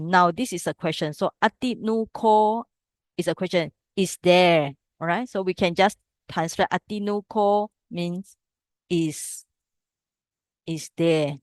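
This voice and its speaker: A woman's voice: fairly low pitch, dry recording, clean studio sound. A woman teaching a class on reading old scripture. She explains step by step and keeps checking with the students. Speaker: Pali teacher. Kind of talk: classroom text study lesson.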